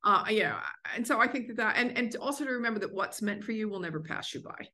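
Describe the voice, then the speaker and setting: Bright fast-talking woman guest. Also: on the high side, animated. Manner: upbeat and encouraging, many fillers. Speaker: guest, author. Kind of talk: casual interview chat.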